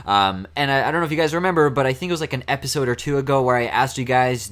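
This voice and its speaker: Young male gaming commentator, hoarse raspy voice, casual and chatty, laughs a lot, mid pitch. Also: racing, hardly any pauses, fairly bright tone. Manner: chatty, laughs often, many fillers. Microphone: desk microphone.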